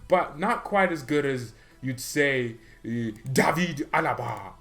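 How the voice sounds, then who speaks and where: A man's voice: mid-range voice, lively intonation, slow pace, few pauses, fairly bright tone. A man hosting a fan channel, giving rambling, casual football commentary full of fillers. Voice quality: rambling, chatty, filler-heavy.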